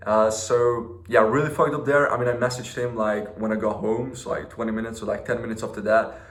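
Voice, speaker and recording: A man's voice: fairly low pitch, level tone, fairly quick. Young man telling a slangy story, echoey room. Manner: rambling, slangy, with many fillers and restarts. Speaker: vlogger. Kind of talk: casual storytelling vlog.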